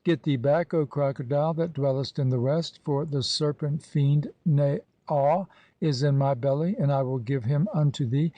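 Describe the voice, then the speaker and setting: A man giving a measured, solemn reading of an ancient religious text as an audiobook. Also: on the high side, no room sound, dull audio. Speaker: audiobook reader.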